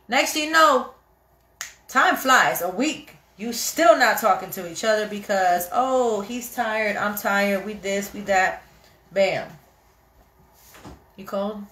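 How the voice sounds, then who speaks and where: A woman hosting a casual live chat about marriage, animated and chatty, often acting out what people say. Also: mid-range voice. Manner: animated, chatty, quotes people in little acted voices. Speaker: host of a live chat for couples. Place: home, kitchen nearby. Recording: echoey room.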